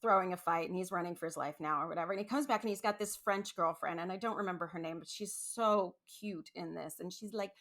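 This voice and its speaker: A woman hosting a podcast, talking casually in a rambling, animated way with many asides and restarts. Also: fairly low pitch, fast talker, few pauses. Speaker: podcast host. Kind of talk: casual solo podcast monologue.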